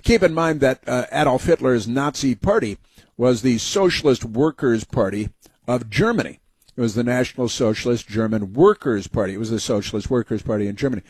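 A man's voice: medium pitch, lively intonation, a little fast, a little mellow, breathy edge, dry recording. A man hosting a talk show, giving a rambling, sarcastic monologue full of fillers and restarts. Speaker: talk radio host.

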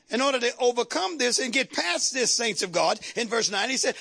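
Pastor, man, animated sermon with call-and-response, bright, sharp tone. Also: extremely high pitch, normal speed, creaky, slightly rough. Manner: dramatic, humorous, call-and-response preaching.

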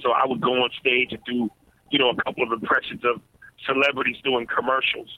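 A man in his thirties, a comedian guest on a radio show, relaxed and repeating words as he gets going. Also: mid-range voice, a little fast. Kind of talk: casual interview chat. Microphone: phone. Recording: tinny phone line.

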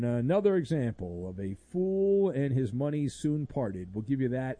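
Male sports radio host, sarcastic and mocking, high voice, swings all over, dry close sound. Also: sing-song, moderate pace, hardly any pauses, dark tone, no room sound. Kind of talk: sports talk radio monologue.

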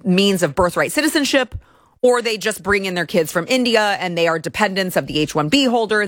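A woman's voice: medium pitch, a bit bright, no room sound. Woman from Texas, show host, indignant rants with stammered restarts, dry close sound. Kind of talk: opinionated commentary.

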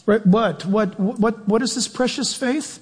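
Husky high-voiced preacher in echoey hall. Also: male voice, a little slow. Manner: animated, acts out quotes, questions the audience. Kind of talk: sermon.

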